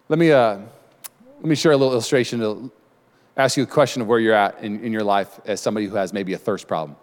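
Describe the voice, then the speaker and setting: Energetic preaching man in a reverberant hall. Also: on the low side, fast talker. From United States. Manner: energetic, animated preaching with dramatized quotes. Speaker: pastor. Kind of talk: sermon.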